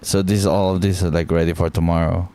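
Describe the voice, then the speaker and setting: A man's voice: sits low, level tone, fast talker, warm tone, no echo. A man streaming live, chatting casually and thinking aloud, swearing freely and filling his talk with "like".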